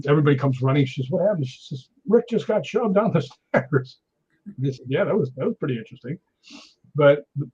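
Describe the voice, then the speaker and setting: A guest storyteller casually recounts a ghost-hunting anecdote, animatedly acting out other people's lines and laughing often. He has a husky, mid-range voice. The recording has a dull lo-fi sound.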